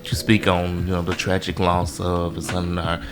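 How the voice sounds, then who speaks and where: Deep-voiced male radio host, gentle. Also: completely flat delivery, normal speed, over music. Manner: gentle, hesitant, many fillers. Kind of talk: radio talk show hosting. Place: radio studio.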